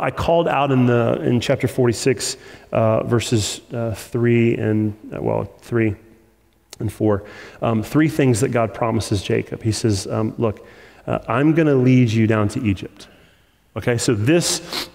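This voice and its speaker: A male pastor preaching a sermon, reading scripture and building up slow, emphatic repetitions. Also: medium pitch, gravelly, darkish tone, long reverb tail. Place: church sanctuary.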